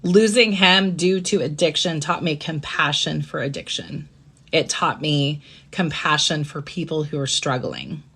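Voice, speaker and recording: A woman with a somewhat low voice hosts a live-streamed personal talk. She speaks reflectively, dropping quieter in tender stretches. She keeps checking in with her listeners by asking "right?". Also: animated, measured pace, slightly rough. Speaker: host.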